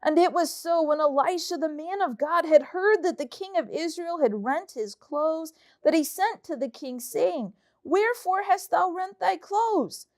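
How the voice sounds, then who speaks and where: A high-voiced woman teaches a children's Bible lesson. She reads scripture aloud and retells it in lively, casual storytelling. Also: normal speed, hardly any pauses.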